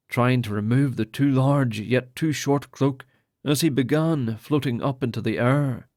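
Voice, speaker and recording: A man narrating an epic fantasy audiobook in a steady, measured reading style. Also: mid-range voice, no room sound, studio quality. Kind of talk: scripted narration.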